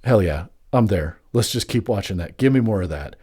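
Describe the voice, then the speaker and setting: A man co-hosting a casual film podcast, enthusiastic and agreeable, sometimes stumbling over his words. His voice sits fairly low and has a husky edge. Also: animated, fairly quick, darkish tone. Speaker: podcast co-host.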